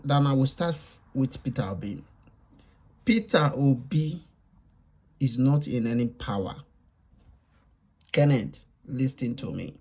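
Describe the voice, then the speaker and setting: A man's voice: mid-range voice, lively intonation, a little slow, long pauses, a little mellow, husky. A Nigerian man giving casual reaction commentary, lecturing and repetitive, mixing Pidgin with English. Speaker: reaction vlogger.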